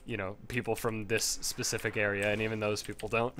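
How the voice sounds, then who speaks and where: A man's voice: on the low side, little pitch movement, a little fast, sharp tone, a little hiss or hum. A man giving casual, rambling gameplay commentary while leveling a character, swearing freely and laughing often.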